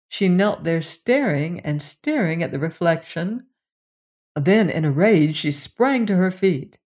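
A storyteller reading a fairy tale aloud in a slow, measured way. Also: mid-range voice, lively intonation, a little mellow.

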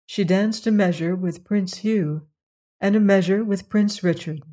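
Woman, fairy-tale narrator, calm, measured, mellow tone, unhurried. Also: mid-range voice. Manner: calm, measured storybook reading. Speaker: storyteller host.

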